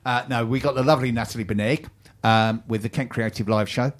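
A man's voice: medium pitch, steady tone, brisk. A man co-hosting a local radio show, chatting casually and reading out what's coming up, full of ums and restarts. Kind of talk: casual radio chat and station announcements. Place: radio studio.

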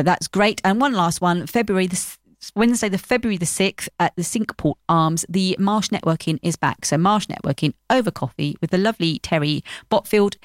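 A woman's voice: fairly low pitch, no room sound. A woman hosting a radio show from the studio, running through upcoming events in an upbeat, chatty, promotional way.

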